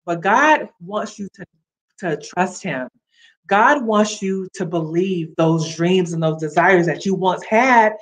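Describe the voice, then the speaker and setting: A woman's voice: fairly low pitch, a little slow. A woman hosting a motivational livestream, encouraging viewers directly with a preachy, upbeat manner. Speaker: livestream host. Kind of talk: casual motivational livestream talk.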